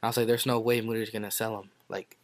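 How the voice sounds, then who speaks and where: A man's voice: level tone, fast talker, dry recording. A young man co-hosting a podcast, chatting casually and rambling through a story while acting out what people said. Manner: rambling storyteller who acts out quotes with sudden high jumps. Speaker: podcast co-host. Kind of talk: casual chat.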